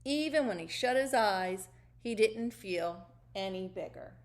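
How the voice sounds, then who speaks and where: A woman reading a children's storybook aloud in an expressive, sing-song way. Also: medium pitch, unhurried.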